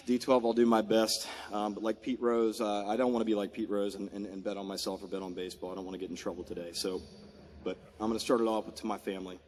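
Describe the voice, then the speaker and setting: Low-voiced military guy saying emotional goodbyes at a podium, choking up a bit, big echoey hangar. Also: little pitch movement, fast, darkish tone, slight background noise. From Maryland, USA. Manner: heartfelt, emotional, thanking people one by one. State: fighting back tears. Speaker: outgoing military squadron commander. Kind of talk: ceremonial farewell speech. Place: large aircraft hangar at a ceremony. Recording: long echo of a big hangar.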